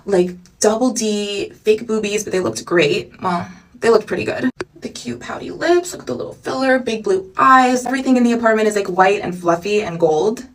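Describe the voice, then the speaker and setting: Young woman doing a storytime, chatty and animated, sounds a bit far from the mic. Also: medium pitch. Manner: animated and chatty, lots of asides. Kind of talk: storytime vlog.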